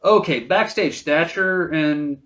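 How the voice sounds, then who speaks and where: A man's voice: on the high side, slow, fairly bright tone. A man co-hosting a podcast, recapping wrestling in casual, profane chat while reading from his notes. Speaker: podcast co-host.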